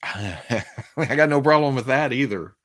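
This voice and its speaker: A man's voice: mid-range voice, measured pace. A man with a Southern US accent, hosting a live show and chatting casually with his viewers, rambling, chuckling often and poking fun at himself. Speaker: podcast host. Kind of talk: casual livestream chat with viewers.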